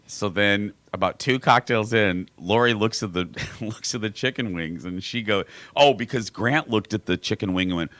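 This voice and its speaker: Bright-voiced Minnesota radio host storytelling. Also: male voice, on the low side, moderate pace, few pauses, no room sound. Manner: animated anecdote teller, laughing. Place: live broadcast studio.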